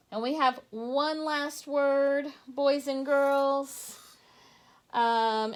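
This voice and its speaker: A woman teacher walking young children through a phonics worksheet, sounding out letters slowly and patiently while she tips her camera toward the page. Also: fairly high pitch. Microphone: handheld phone or camera tipped toward a worksheet.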